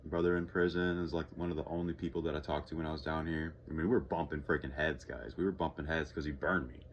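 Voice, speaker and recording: A man's voice: extremely low pitch, steady tone, fast, lo-fi sound, slight background noise. A young man from Texas talking casually in a vlog, rambling, swearing freely and sighing often. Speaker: vlogger.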